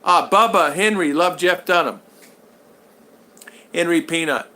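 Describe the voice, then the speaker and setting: A man's voice: on the high side, animated, unhurried, pauses often, bright, forceful tone. An older man from Utah, casually chatting on a livestream from his home and answering viewer comments in an upbeat, rambling way. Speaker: livestream host. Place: home in the Philippines.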